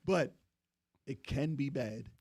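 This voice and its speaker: Sarcastic podcast co-host, male, husky and gravelly. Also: medium pitch, slow pace, darkish tone, no echo. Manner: sarcastic, opinionated, laughs often. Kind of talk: casual gaming chat.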